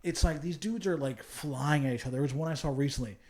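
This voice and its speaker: A man's voice: fairly high pitch, fast talker, a crowd in the background. A young man co-hosting a podcast in casual chat, rambling, cursing and restarting his sentences. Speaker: podcast co-host.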